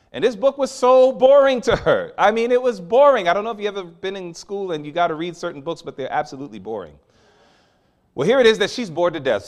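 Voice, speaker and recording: A man preaching a sermon, animated and storytelling, with sudden loud peaks. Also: a little high.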